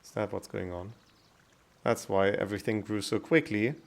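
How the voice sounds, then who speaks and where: A man's voice: fairly low pitch, moderate pace, gravelly. A man livestreaming a story game, chatting casually and musing aloud between lines. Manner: chatty, reads dialogue aloud. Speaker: streamer playing a game.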